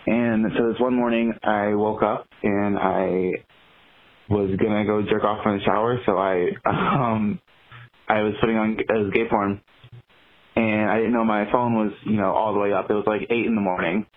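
A man's voice: on the low side, fairly even intonation, normal speed. Young man telling a story on a voicemail. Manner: casual, rambling with fillers. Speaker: caller. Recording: tinny phone voicemail.

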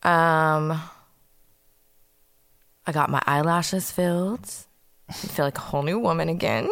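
A woman, co-hosting a podcast in a relaxed, drawling way of her own. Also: sits low, a little slow, vocal fry, dry recording, studio quality. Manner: laid-back, drawling, self-described own dialect. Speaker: podcast co-host. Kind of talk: casual chat.

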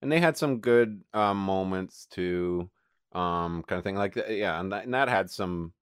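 A man co-hosting a podcast, rambling casually with many halting restarts. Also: low-pitched, clear, resonant tone, dry recording, studio quality. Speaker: podcast co-host. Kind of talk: casual chat reviewing a TV episode.

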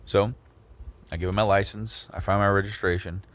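A man's voice: on the low side, moderate pace. A man telling a story in a casual podcast chat, acting out the people in it. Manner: animated, acts out the people in his stories.

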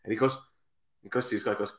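Racing along in a lowish voice, a football podcast host tells stories in casual chat, acting out the people in them. He's an animated storyteller who does voices and repeats himself, and the audio is reverberant.

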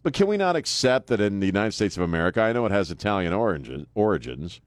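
Low-voiced blunt radio host, joking. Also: male voice, very animated, fast, dry recording. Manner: blunt, joking, laughs often. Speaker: radio talk show host. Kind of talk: casual talk radio banter. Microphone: studio microphone.

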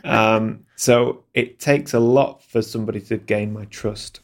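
A man's voice: lowish voice, steady tone, unhurried. A man who works as a landscape photographer and video creator, talking in a casual interview in a hesitant, candid way with many restarts.

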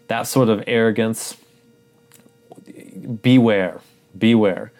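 A man's voice: lowish voice, a little slow, pauses often, a little mellow, faint music behind. A man preaching a sermon, earnest and urgent, repeating phrases for emphasis.

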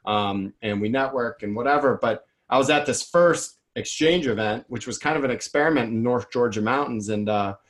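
A man in his thirties, a podcast guest and author, telling his story in a rambling, energetic way and acting out what people said. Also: mid-range voice, moderate pace, hardly any pauses. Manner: energetic, rambling, acts out quotes. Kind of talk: casual storytelling interview.

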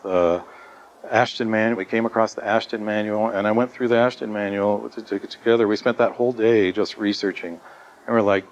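A middle-aged man telling his own story in an earnest, halting way, with many fillers and restarts. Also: on the low side. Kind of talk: personal testimony. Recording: dull lo-fi sound with faint noise.

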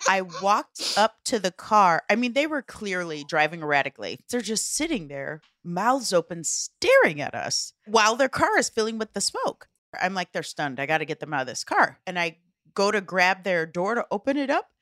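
A woman guest comedian tells a story with a lively, swooping pitch. She acts out the other people in the story. Her voice sounds close and dry. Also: normal speed, no room sound.

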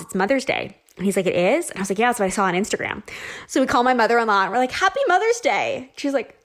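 A woman in her thirties telling a personal story in a casual, chatty way, with many fillers and quoted asides. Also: mid-range voice. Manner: chatty, animated, lots of likes and ums.

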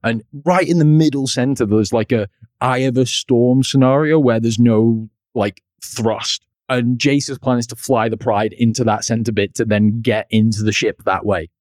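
A man's voice: mid-range voice, fairly even intonation, moderate pace, darkish tone, no room sound, clean studio sound. A man co-hosting a casual podcast, recapping a cartoon episode in a chatty, storytelling way and laughing at his own jokes. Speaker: podcast co-host.

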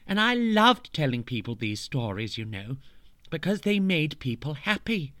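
A man's voice: on the high side, very animated, moderate pace, fairly bright tone, no room sound, studio quality. A man narrating a storybook tale in a camp, playful, mock-grand way, full of cheeky asides.

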